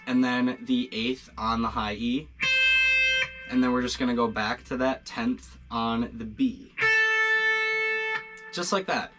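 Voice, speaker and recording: A medium-pitched man walks beginners through guitar licks in an informal video lesson. He's laid-back and encouraging, often restarting and filling pauses.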